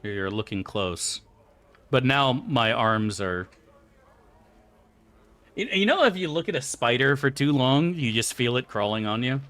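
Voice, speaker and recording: A man's voice: medium pitch, expressive, normal speed, fairly bright tone. A man streaming a game, chatting loosely with his viewers and swearing freely. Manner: loose and rambling, swears freely, answers chat aloud. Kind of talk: casual live-stream chat.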